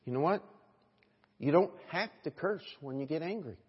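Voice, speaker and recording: A male pastor with a high, husky voice preaches to his congregation, dropping to quiet reflection and then building to loud, emphatic exhortation while often asking them for an "Amen?". The long reverb of the church trails behind every phrase, and the recording sounds somewhat dull. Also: animated, moderate pace. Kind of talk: sermon. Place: church sanctuary.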